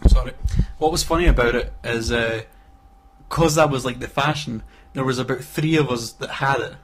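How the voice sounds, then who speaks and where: A man's voice: mid-range voice, normal speed, background noise. A man in casual chat as a podcast co-host, laughing often and acting out voices in his stories. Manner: laughing, acts out quoted voices.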